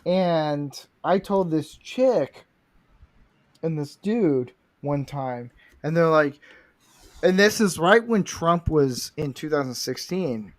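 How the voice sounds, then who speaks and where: Slow but with lively intonation and a fairly high pitch, this man livestreams himself assembling a Lego set. He rambles in crude, casual talk, swears constantly, and describes himself as a redneck.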